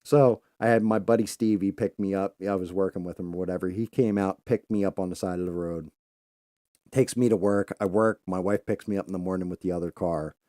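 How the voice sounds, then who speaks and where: A middle-aged man hosting a talk show, telling a story casually, swearing freely and acting out his own loud outbursts. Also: deep voice, fairly even intonation, fairly quick, dry recording, clean studio sound. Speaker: podcast host.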